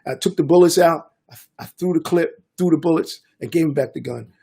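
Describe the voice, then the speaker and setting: An older DJ recounts a story in a casual podcast chat. His voice is gravelly and husky and sits a little high. He talks animatedly and slips into the voices of the people in his story. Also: fairly quick. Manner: animated, repeats "man", acts out voices of others. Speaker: guest DJ and producer.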